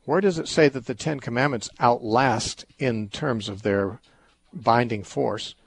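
A middle-aged man hosting a call-in radio show, calmly reasoning through a Bible question with everyday examples. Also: mid-range voice, unhurried, vocal fry, slight background noise. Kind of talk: call-in Bible teaching talk.

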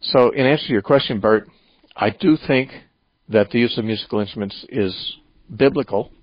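A man hosting a call-in radio show, giving measured, reasoned answers to a caller's question about the Bible. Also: mid-range voice, no echo, muffled recording.

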